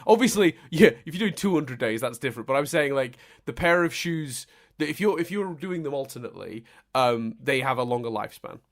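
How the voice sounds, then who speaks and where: A man co-hosting a casual podcast chat, his voice swinging widely in pitch as he rants. He sits at a middling pitch, self-mocking and quick to laugh at his own gripes. His runs all through the conversation. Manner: animated, self-mocking, ranting. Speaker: podcast co-host.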